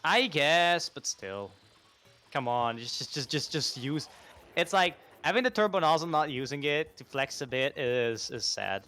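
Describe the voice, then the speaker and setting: A male co-commentator with a bright, sharp voice and a playful, joking manner. He laughs often and teases his partner while calling the match. Faint music sits behind him. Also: on the high side, animated, unhurried. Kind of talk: live esports commentary.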